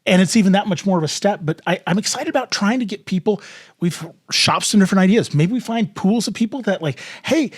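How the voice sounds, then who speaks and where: A man's voice: sits high, quick pace. A man co-hosting a church podcast in casual chat, acting out little quoted voices as he talks. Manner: animated, acts out quoted voices.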